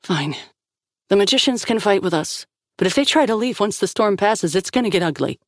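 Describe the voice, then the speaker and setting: A woman's voice: medium pitch, animated, brisk, no echo, clean studio sound, voice pushed up, close to an everyday voice. Stern commander lady, clipped and firm , a woman reading her.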